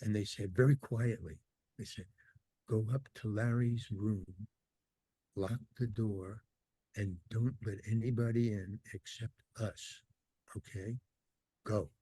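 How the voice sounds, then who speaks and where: A man's voice: lowish voice, fairly even intonation, slow pace, long pauses, mellow, husky, no echo. An older man, a podcast guest, telling a long anecdote in casual talk and acting out other people's lines. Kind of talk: casual storytelling interview.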